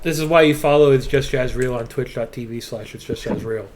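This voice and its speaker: A young man co-casting a live stream, joking loudly and swearing in casual banter. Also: medium pitch, fairly quick, background noise. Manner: loud, swearing, playful. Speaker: stream co-caster.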